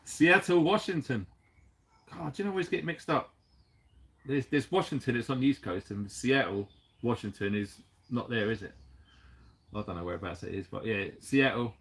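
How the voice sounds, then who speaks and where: A man's voice: medium pitch, expressive, normal speed, fairly bright tone. A man from the UK hosting a casual livestream, chatty and jokey, laughing often and using casual slang. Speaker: livestream host.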